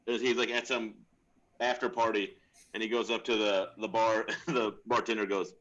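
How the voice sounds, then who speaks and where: A man's voice: on the low side, moderate pace, muffled recording. A man co-hosting a comedy podcast, telling anecdotes in casual chat and giggling along the way. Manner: lively, giggling anecdote-teller. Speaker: podcast co-host.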